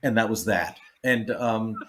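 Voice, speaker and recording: A man, a comedian guest, telling backstage stories in a casual, animated way and acting out the people he quotes. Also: lowish voice, measured pace, a little hiss or hum. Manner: animated, acts out quotes, laughs often. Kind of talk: casual storytelling.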